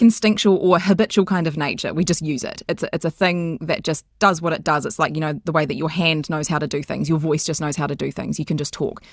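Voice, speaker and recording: A woman's voice: low-pitched, no echo, studio quality. A young woman, talking animatedly and playfully as a podcast guest. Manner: animated, playful, laughs often, slips into character voices. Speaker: guest, voice coach. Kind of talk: casual podcast interview.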